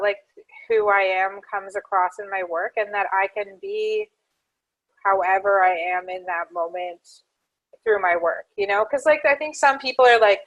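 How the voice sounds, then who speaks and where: A woman's voice: mid-range voice, poor audio. Thoughtful Canadian woman interview guest. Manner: thoughtful, heartfelt, filler-heavy. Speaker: social worker and activist guest. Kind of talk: casual video-call interview.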